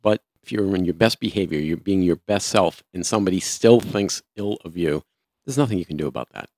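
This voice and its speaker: A man's voice: low voice, expressive, fairly quick, darkish tone, no room sound, studio quality. A man in his sixties co-hosting a casual talk show, giving practical, plain-spoken advice. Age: 60s. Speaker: podcast co-host. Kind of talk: casual chat.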